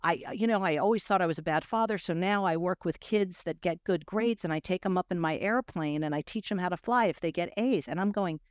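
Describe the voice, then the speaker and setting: Middle-aged woman guest, storyteller, animated, plays every voice in her story, dry close sound. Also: fairly quick, few pauses, no room sound. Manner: animated, acts out quoted dialogue with big swings in pitch and loudness. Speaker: guest coach. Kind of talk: personal storytelling in a podcast interview.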